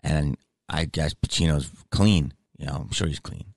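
A middle-aged man hosting a podcast, telling rambling, animated stories in casual chat. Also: rumbling low, moderate pace, creaky, dry recording, clean studio sound. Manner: rambling, animated, lots of fillers. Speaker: podcast host.

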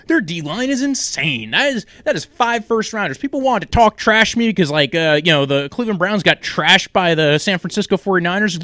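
A man's voice: high-pitched, very animated, a little fast, hardly any pauses, sharp tone, no room sound. Rambling young man talking football. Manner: rambling, jokey, with many fillers and tangents. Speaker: sports podcast host. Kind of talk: casual fantasy football talk.

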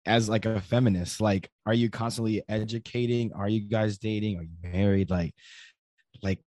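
A man hosting a podcast, asking playful questions in a halting way. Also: on the low side, steady tone, darkish tone, no room sound. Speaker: podcast host. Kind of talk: casual conversation.

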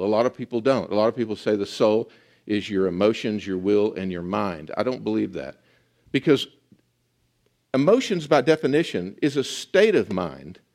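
A man preaching a sermon in an earnest, emphatic teaching manner. He slows down to stress words and drops to a soft voice at times. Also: on the low side. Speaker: pastor.

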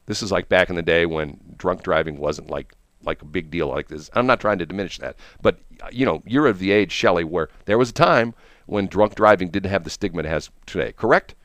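A man's voice: low-pitched, a bit bright, dry recording. Rambling man telling stories with laughter. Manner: rambling, laughs often, many restarts. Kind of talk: casual storytelling.

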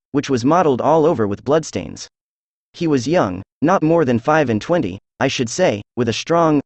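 A man's voice: mid-range voice, dry recording. Dry synthetic male narrator voice. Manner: even, steady synthetic reading. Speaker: audiobook narrator. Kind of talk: scripted narration.

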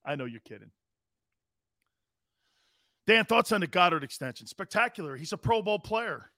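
A middle-aged man hosting a live sports talk show, loud and brash, often shouting and laughing as he reads viewer comments. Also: sits high, very animated, moderate pace, pauses often, no room sound, clean studio sound.

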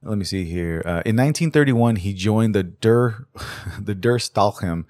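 A man's voice: fairly low pitch, a little slow, a little mellow, no room sound, clean studio sound. Rambling, profane podcast host man. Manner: rambling, profane, stammers and restarts. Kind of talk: casual true-crime podcast chat.

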